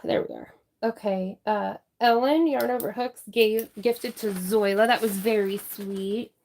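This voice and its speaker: A woman hosting a crafting livestream, chatting casually, reading viewer names and thanking them warmly. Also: mid-range voice, a little hiss or hum. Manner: warm, chatty, apologetic, reading out names slowly.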